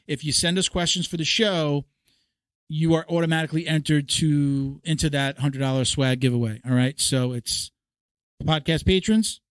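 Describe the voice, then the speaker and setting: A man hosting a casual podcast, rambling through sponsor shout-outs and laughing often. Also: fairly high pitch, moderate pace, clean tone, dry recording. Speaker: podcast host. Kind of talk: casual podcast chat reading sponsor reads. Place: studio.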